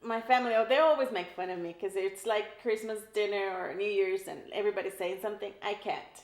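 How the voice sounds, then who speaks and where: A woman's voice: medium pitch, fast. A middle-aged woman with an El Paso Texas accent, a guest talking casually and emotionally, laughing often. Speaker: guest, realtor. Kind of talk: casual interview chat. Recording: echoey room.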